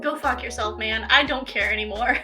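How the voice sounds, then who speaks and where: A woman's voice: on the high side, moderate pace, sharp tone, soft background music, low-quality recording. A young woman hosting a video, ranting casually and incredulously with lots of swearing as she reacts to her old clips.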